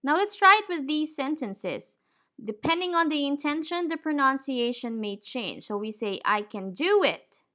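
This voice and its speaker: A woman teaching English pronunciation, saying each word deliberately and clearly. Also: sits high, lively intonation, bright, forceful tone. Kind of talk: slow, careful pronunciation lesson.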